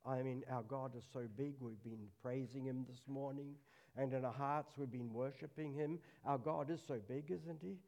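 A middle-aged man preaching a sermon at a church service, earnest, dropping to a hush on solemn lines. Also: mid-range voice, fairly even intonation, moderate pace.

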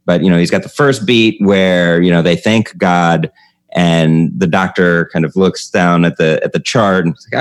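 A man with a very deep voice talks loosely about writing jokes and performing on stage. He laughs often and gets animated when he tells a story. The sound is dry and close. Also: normal speed, clear, resonant tone, dry recording. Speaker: comedian and podcast host. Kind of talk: casual chat about comedy craft.

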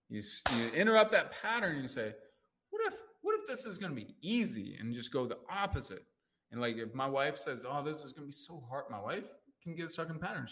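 A man speaks as a life coach in a relaxed, chatty interview, with a voice of middling pitch. He talks in an animated way and acts out the voices in his head with sudden jumps in pitch. Now and then he chuckles at himself while telling stories. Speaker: life coach and NLP practitioner. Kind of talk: casual conversational interview.

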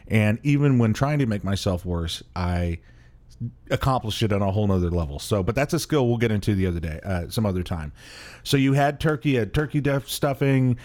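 Man, podcast host, lively up-and-down voice, jokey, self-deprecating, laughs a lot. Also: medium pitch. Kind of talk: casual chat.

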